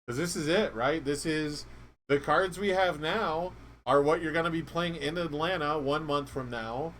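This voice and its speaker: A man's voice: a little high, normal speed, fairly bright tone, slight background noise. A man co-hosting a live stream, chatting casually in a laid-back, slangy way and laughing easily. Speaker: co-host. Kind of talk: casual chat about a card game.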